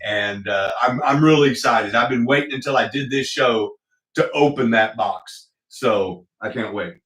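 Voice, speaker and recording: Male livestream host, mid-range voice, loose and rambling with fillers, recorded off-mic in a boomy home room. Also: moderate pace, fairly bright tone. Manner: rambling, many fillers, greets viewers in chat. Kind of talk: casual livestream chat. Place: home hobby room with slot car track. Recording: echoey room, voice picked up from a distance.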